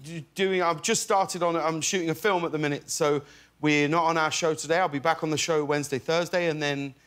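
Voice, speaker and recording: A British man in his forties, a talk show guest telling stories in halting, animated bursts and acting out quotes. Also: fairly high pitch. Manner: animated, halting storyteller who acts out quotes.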